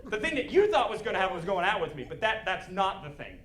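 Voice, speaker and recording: A man doing a stand-up comedy set on stage, animated and breaking into shouted punchlines. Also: sits high, fast, heavy background noise. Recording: live show with audience laughter. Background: crowd laughing.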